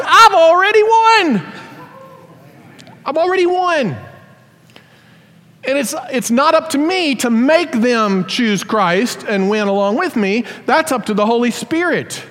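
A man preaching a sermon, telling stories animatedly and acting out voices in quick asides. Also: high-pitched, big-room sound. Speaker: pastor.

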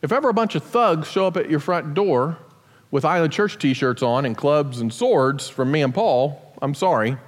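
A man's voice: fairly high pitch, lively intonation, moderate pace. A man giving a casual sermon as pastor, explaining scripture with joking asides in a church sanctuary. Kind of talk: conversational sermon. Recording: long hall reverb.

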